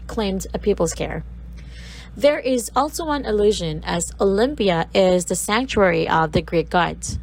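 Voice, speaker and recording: A woman's voice: on the low side, poor audio. A woman from the Philippines presenting a recorded literature lesson, reading a poem aloud and breaking down its sounds word by word.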